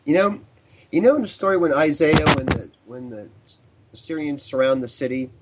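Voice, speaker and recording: A man's voice: fairly high pitch, expressive, fairly quick, background noise. A man being interviewed on a radio show who tells long, rambling stories about his field research. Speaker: paranormal researcher guest.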